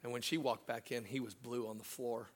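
A middle-aged man, a pastor, preaching a sermon through a personal story, swinging from loud laughing asides to hushed, slow moments. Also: mid-range voice, fairly even intonation.

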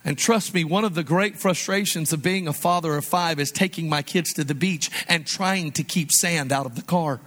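Pastor, man, high-pitched, animated conversational sermon delivery with soft low asides. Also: normal speed, hardly any pauses.

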